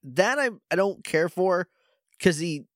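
A man co-hosting a podcast in casual chat, animated and laughing. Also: a little slow, no room sound, clean studio sound. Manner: animated, laughing, mimics characters in a low mumble. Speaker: podcast co-host.

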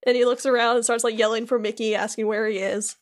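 A woman's voice: fairly high pitch, fast talker. Chatty woman recapping a game. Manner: animated, chatty, full of "like". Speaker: podcast co-host. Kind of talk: casual chat, recapping a game.

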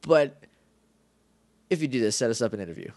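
A man's voice: medium pitch, big pitch swings, brisk, a little mellow, no room sound. Playful man in casual podcast chat. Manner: playful, slips into silly voices when retelling scenes. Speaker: podcast co-host.

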